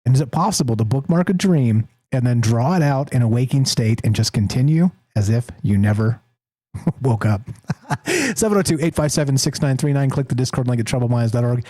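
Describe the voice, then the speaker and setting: A man hosting a call-in radio show, talking in an animated, quick way with laughing asides. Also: mid-range voice, dry recording, clean studio sound. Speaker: host.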